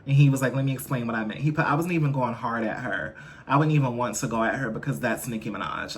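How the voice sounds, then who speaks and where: A man hosting a celebrity gossip vlog in an easy, mid-pitched voice. He rants in a chatty way, tossing in playful asides to his viewers. A faint hiss of noise sits under his talk. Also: fast talker. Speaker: host.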